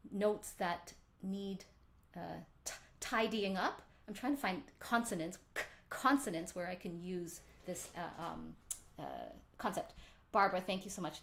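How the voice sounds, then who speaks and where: Woman, violin teacher, live online workshop, animated, demonstrative, mid-pitched, faint background hiss. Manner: animated, demonstrative, sings out bow strokes.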